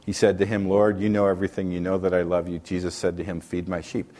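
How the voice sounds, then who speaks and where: A man's voice: little pitch movement, quick pace. A man preaching a sermon, reading scripture and driving his points home. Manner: preaching with wide swings in pitch and loudness, reading scripture aloud. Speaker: pastor.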